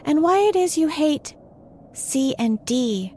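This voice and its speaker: Woman doing polite young girl Alice, high bright voice, eager, storybook reading. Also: very animated, fairly quick, a little hiss or hum. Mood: pleading.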